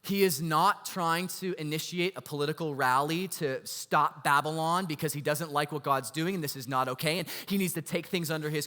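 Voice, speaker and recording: A pastor delivers his sermon in a bright, forceful voice that sits a little high for a man. He tells his stories with animation and fills them with rhetorical questions. A long hall reverb hangs behind his words.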